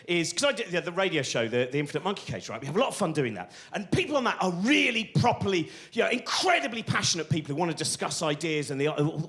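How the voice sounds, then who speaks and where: A middle-aged man from England doing a rambling, self-deprecating stand-up routine on a live stage. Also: a little high. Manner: rambling, self-deprecating, animated, restarts often. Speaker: stand-up comedian.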